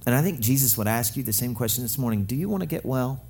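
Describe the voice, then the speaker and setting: A young adult male pastor preaching a sermon, lively and joking, acting out quoted voices. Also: medium pitch, quick pace, slight background noise.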